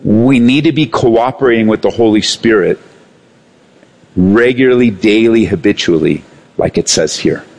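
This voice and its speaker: A man preaching a sermon as pastor, animated, swinging between raised and hushed delivery. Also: on the low side, normal speed.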